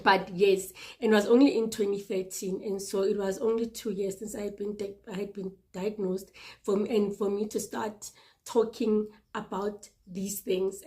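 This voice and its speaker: Woman, 30s, unscripted personal testimony, slow and earnest with halting restarts, mid-pitched voice. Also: a little mellow. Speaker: vlogger sharing personal experience.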